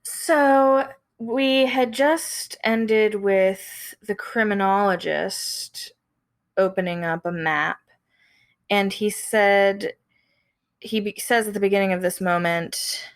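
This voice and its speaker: Woman co-host, slow measured telling, mid pitch, dry recording. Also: steady tone, no room sound. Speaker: podcast co-host. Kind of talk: casual podcast chat, recapping a film.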